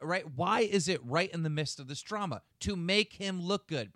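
A man's voice: high voice, lively intonation, normal speed, a bit bright, no echo. Angry ranting man, dry close sound. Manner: angry, profane, lecturing. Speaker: show host. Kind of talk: heated podcast rant.

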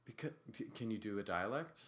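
A young man co-hosting a podcast, talking casually and sarcastically, jumping from loud bursts to low mutters. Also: brisk. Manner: animated, sarcastic, swings from loud bursts to mumbling. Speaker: podcast co-host. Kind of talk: casual chat.

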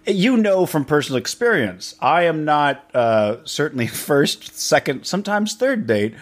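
A man's voice: a little high, sing-song, measured pace. A man hosting a candid, casual conversation, joking and rambling with frequent restarts. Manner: rambling, jokey, stammering restarts.

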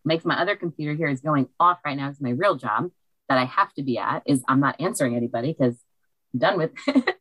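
Low-voiced excitable woman, dry studio. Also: fast, breathy edge, no room sound, rough recording. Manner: bubbly, excitable. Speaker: guest. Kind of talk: casual chat. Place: library recording studio. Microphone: cheap desk microphone.

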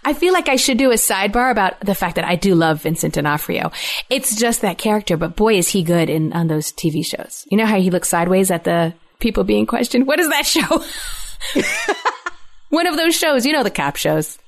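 A woman's voice: mid-range voice, lively intonation, brisk. A woman hosting a casual podcast chat, retelling listener stories and asking her co-host questions. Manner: warm storyteller reading listener stories.

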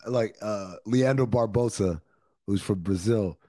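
A man's voice: on the low side, measured pace, mellow, dry recording, clean studio sound. A man co-hosting a podcast, telling stories in loose, laughing banter full of profanity. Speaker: podcast co-host. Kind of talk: casual chat.

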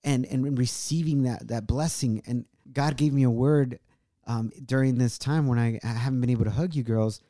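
Earnest man, warm dark voice. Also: medium pitch, fairly even intonation, moderate pace, no echo, studio quality. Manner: earnest, mixes in Spanish words. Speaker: co-host. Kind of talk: casual heartfelt chat. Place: home studio.

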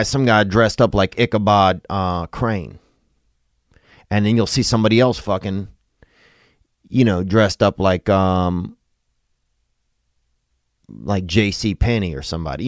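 A man's voice: fairly low pitch, unhurried, pauses often, no room sound, clean studio sound. A man from Louisiana, hosting a podcast in a rambling, profane, comedic monologue. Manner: rambling, profane, drawling asides. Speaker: podcast host.

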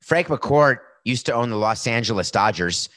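A man's voice: medium pitch, animated, moderate pace, a bit bright, no room sound. A middle-aged man hosting a sports talk show, giving a brash, sarcastic monologue with a tired, sore voice. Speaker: podcast host.

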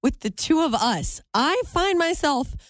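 A woman's voice: high voice, animated, a little slow, dry recording, clean studio sound. A woman co-hosting a radio show, chatting casually and laughing often. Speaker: radio co-host. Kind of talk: casual chat.

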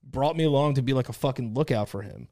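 A man's voice: mid-range voice, fast, warm tone, no echo, clean studio sound. A young man co-hosting a podcast, telling a story in rambling, slangy casual chat full of filler words. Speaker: podcast co-host.

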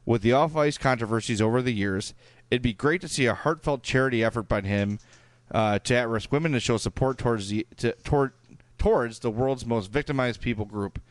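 A man with a Chicago accent co-hosts a hockey podcast in an easygoing, rambling way, dotted with fillers. His voice is smooth and resonant, and the sound is dry and close. He sits at a middle pitch. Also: fairly quick, dry recording. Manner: chatty, full of fillers and restarts. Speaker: podcast co-host. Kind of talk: casual chat, reading listener emails.

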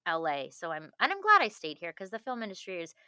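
A woman's voice: on the low side, huge pitch swings, fast talker, sharp tone, clear, resonant tone, dry recording, studio quality. A woman from Canada, talking casually as a guest, chatty and laughing, with frequent restarts. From Manitoba, Canada. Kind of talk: casual conversation.

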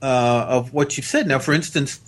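A man's voice: medium pitch, normal speed. A man with a General American accent, a guest patiently explaining things step by step in an interview. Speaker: guest expert.

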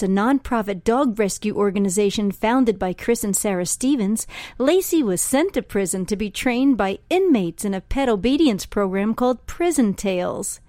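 A woman reporter reading a scripted radio news segment in an even, measured way. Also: medium pitch, no echo.

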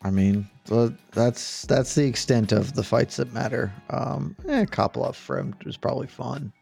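A man's voice: mid-range voice, moderate pace, creaky, darkish tone, slightly rough, faint music behind. A man co-hosting a casual sports-betting podcast, full of wry, joking banter. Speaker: podcast co-host.

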